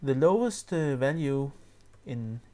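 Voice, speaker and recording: A man explaining music software step by step, often pausing with fillers and restarting his sentences. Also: mid-range voice, animated. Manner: hesitant, many fillers and restarts. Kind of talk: screen-recorded tutorial.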